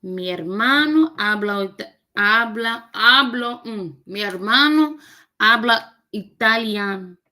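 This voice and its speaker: Woman vlogger, chatty and joking, slow unhurried talk, bright ringing voice, fairly high. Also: animated. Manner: chatty, joking, talks to viewers as y'all. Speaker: language learner vlogger. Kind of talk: casual chat while doing a recorded lesson.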